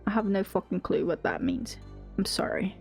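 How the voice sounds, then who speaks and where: A woman's voice: medium pitch, sing-song, normal speed, a little mellow, soft background music. A young woman streaming a game, chatting casually with viewers, reading chat aloud and giggling often. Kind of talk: casual live-stream chat while gaming.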